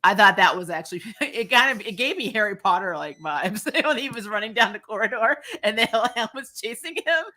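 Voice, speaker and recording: Bright-voiced woman, ranting with laughs. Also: mid-range voice, brisk, hardly any pauses. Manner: animated, laughs often, ranting. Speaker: guest. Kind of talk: casual podcast chat.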